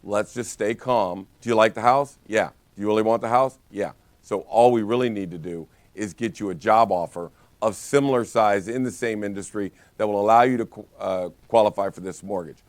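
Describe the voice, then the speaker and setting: Brief: man, lower voice, energetic storyteller leading a sales training talk, dry close sound. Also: fairly quick, no echo. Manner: energetic storytelling with many restarts. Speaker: real estate brokerage trainer.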